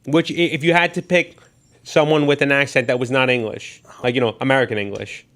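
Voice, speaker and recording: A man's voice: mid-range voice, fairly even intonation, brisk, a bit bright. A man hosting a podcast, asking questions and chatting casually. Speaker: podcast host. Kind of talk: casual chat.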